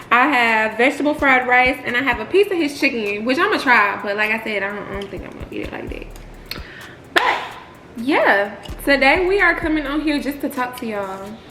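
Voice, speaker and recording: A young woman with a drawl and a high, bright voice, giggly and chatty as she hosts a mukbang. Her voice bounces around an echoey room over a faint hum. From Texas, United States. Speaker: co-host of a couples channel. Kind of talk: casual mukbang chat.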